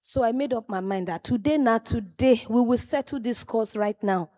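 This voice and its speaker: Animated Nigerian woman telling stories. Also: a little high, normal speed, dry recording, studio quality. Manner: animated storyteller, exclamations and asides to the audience. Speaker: tribute speaker at a memorial event. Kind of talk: personal tribute speech, storytelling.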